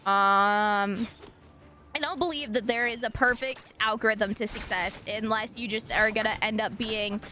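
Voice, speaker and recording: Woman streamer from Washington, light Washington accent, high voice, bright tone, rambling chatty talk to chat. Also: fairly even intonation, measured pace, faint music behind. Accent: Washington State. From Washington State, USA. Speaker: live streamer. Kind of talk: casual gaming stream chat.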